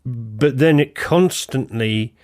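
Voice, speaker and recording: Lively male podcast host, dry sound. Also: mid-range voice, takes it slowly, no room sound. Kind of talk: casual chat.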